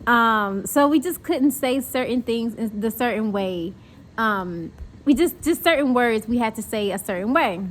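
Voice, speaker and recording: A woman's voice: on the high side, animated, measured pace. A young woman from North Carolina chatting casually in a vlog, reflective and rambling, with many fillers. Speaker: vlogger.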